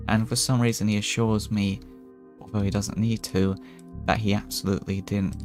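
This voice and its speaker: A man with a low, gravelly voice chats his way through a strategy game as a VTuber persona. He rambles and often restarts his sentences. The delivery is loose and casual. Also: a little mellow. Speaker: VTuber streamer. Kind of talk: casual gameplay commentary in character.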